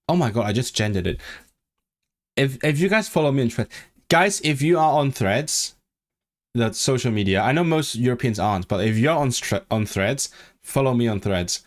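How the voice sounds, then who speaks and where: A man chatting casually on a live stream, thinking aloud, repeating and restarting words. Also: medium pitch. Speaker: language-learning livestreamer.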